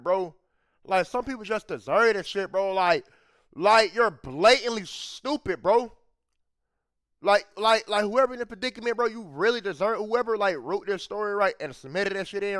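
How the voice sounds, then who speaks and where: Man, high voice, dry close sound, fired-up reaction rant, bro after every phrase, repeats himself. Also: a bit bright, no room sound. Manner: heated, profane, says "bro" after nearly every phrase; repeats phrases and restarts when worked up. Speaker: reaction video host. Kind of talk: casual reaction commentary.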